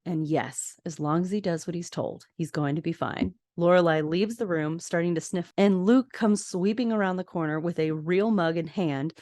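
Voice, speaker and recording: A woman podcast host talking close to her microphone in a dry, deadened space. Her voice sits a little low, and she recaps a TV episode in a chatty, expressive way. She switches easily between telling the plot and giving her own opinions. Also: normal speed, few pauses, no echo.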